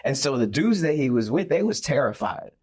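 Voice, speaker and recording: A man retelling a Bible story in a casual faith discussion, animated and acting out the scenes. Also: medium pitch, brisk, breathy edge.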